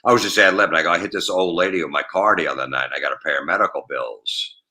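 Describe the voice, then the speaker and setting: A middle-aged man and comedian telling prank call stories in a casual podcast chat, acting out both sides of each call. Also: sits low. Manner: fast, animated storytelling, acting out both sides of phone calls.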